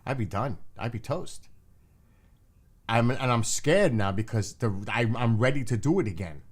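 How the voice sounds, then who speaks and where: A man hosting a live stream, chatting casually in an animated, joking way. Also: mid-range voice, normal speed. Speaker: stream host.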